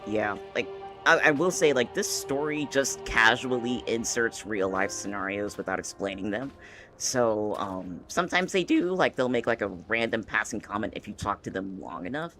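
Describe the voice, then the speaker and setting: A man's voice: on the low side, lively intonation, normal speed, pushed and bright, faint music behind. A man streaming a game, chatting casually and laying out his interpretations of the story in a thoughtful way.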